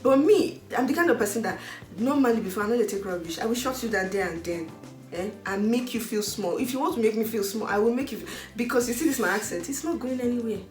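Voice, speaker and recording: A woman's voice: on the high side, fast. Outspoken Nigerian woman in an echoey room. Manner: outspoken, animated storytelling. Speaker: host. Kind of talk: casual chat. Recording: echoey room with faint music.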